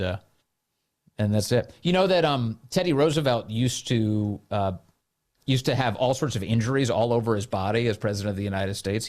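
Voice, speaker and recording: A man hosting a political talk podcast, speaking in a sarcastic, mocking way. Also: mid-range voice. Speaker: podcast and radio host. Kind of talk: political commentary.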